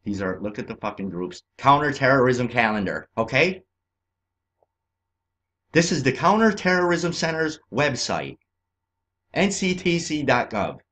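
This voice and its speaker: A man from California ranting in a profane, agitated way over on-screen maps, swinging between shouting and muttering. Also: mid-range voice, very animated, a little slow, pauses often. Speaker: vlogger.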